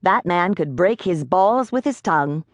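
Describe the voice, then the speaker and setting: A woman's voice: fairly low pitch, expressive, a little slow, no room sound. A woman voicing an exasperated, sly secretary with a dry, tart manner.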